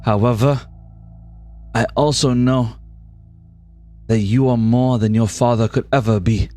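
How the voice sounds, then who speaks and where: A man voicing a charming, gentle nobleman in a tabletop game, with a put-on French accent and a soft, reassuring manner. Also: medium pitch, steady tone, unhurried, soft background music, pitched below the performer's own voice, natural voice. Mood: tender.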